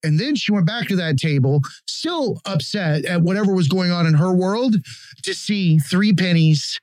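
A man's voice: high-pitched, lively intonation, normal speed, a little mellow, dry recording. A man hosting a podcast in casual chat, opinionated and blunt, swearing freely. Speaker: podcast host.

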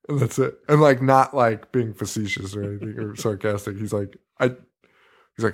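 A male podcast co-host with a mid-range voice, chatting loosely about a horror film. He laughs often and swears freely, his pitch jumping up when he gets excited. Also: normal speed. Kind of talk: casual chat.

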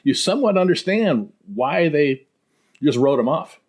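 A man's voice: fairly high pitch, animated, a little slow, a little mellow. Easygoing older man, guest on a podcast. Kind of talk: casual podcast chat.

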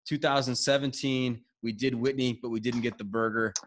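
A man hosts a podcast and spins a hiking yarn in a relaxed, chatty way. He talks quickly, tumbling over his words and restarting sentences as the story runs ahead of him. His pitch sits in an ordinary middle range. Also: slight background noise. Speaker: podcast host. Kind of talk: casual storytelling chat.

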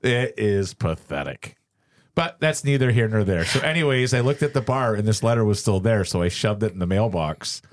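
A man with a fairly low voice, co-hosting a true crime podcast and telling stories in a joking, casual way, acting out what people said. The sound is dry and close to the mic, with no room around it. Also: animated, normal speed, dry recording. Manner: storytelling, acts out quotes, joking. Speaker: podcast co-host.

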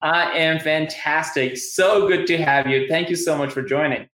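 A man's voice: fairly high pitch, steady tone, normal speed, fairly bright tone. Male livestream host, Southern US accent, upbeat and rambling, webcam audio in a roomy space. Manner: enthusiastic, rambling, many restarts. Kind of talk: live-streamed interview.

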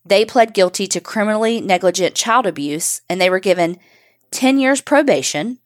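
A woman's voice: medium pitch, moderate pace. A woman co-hosting a podcast, bluntly recounting a true crime case and swearing. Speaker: podcast co-host.

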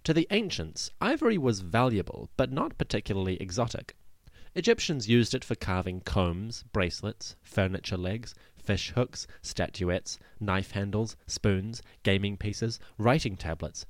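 Lively, low-voiced male history narrator. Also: moderate pace, no echo, clean studio sound. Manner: lively storytelling with wry asides. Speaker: history podcast host.

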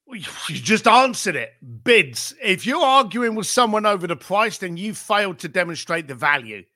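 Here a podcast guest, a middle-aged man, speaks at a moderate pace in a high, sharp, bright voice, with no room sound in the close, dry capture. His business anecdotes come out emphatic and lively, peppered with rhetorical questions and casual swearing.

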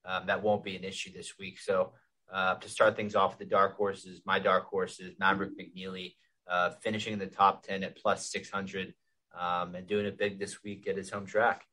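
A man's voice: sits low, little pitch movement, normal speed, sharp tone, rough recording. A man co-hosting a podcast, steadily going through golf betting picks with frequent "um" fillers.

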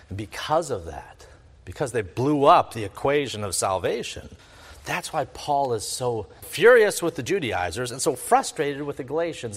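Animated preacher in an echoing hall. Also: male voice, fairly high pitch. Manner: emphatic and repetitive, rhetorical questions. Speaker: pastor. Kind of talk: expository sermon. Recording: long reverb of a large hall.

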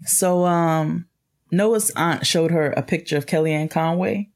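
A young adult woman co-hosting a casual podcast chat, telling stories in an animated way. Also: sits low, measured pace. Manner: animated storytelling with laughs. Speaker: podcast co-host.

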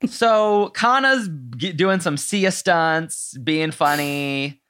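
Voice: mid-range voice, extremely slow, a bit bright, smooth. A podcast host chatting casually, enthusiastic and loose, with frequent fillers and swearing.

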